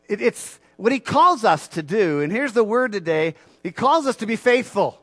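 A man preaching a sermon as pastor, moving from quiet earnest talk to loud, fervent declarations and repeating phrases for emphasis. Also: high voice, big pitch swings, measured pace, no echo.

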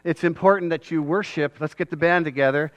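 High-voiced man preaching animatedly. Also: fairly quick, dry recording. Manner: animated, acts out God's voice with rising shouts. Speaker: pastor. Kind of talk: sermon.

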